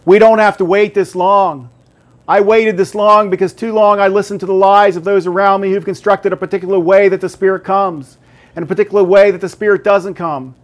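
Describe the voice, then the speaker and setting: Brief: male pastor in his late fifties, emphatic sermon delivery with quiet prayerful passages, slightly high voice. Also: steady tone, fairly quick. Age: 56 or older. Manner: earnest, emphatic preaching with soft hushed prayers.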